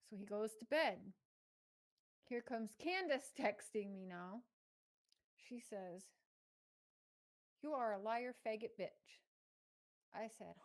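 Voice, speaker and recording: Brief: fairly high-voiced woman, indignant commentator reading texts, swears freely. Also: low-quality recording. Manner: indignant, swearing, reads messages aloud. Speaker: true crime commentator.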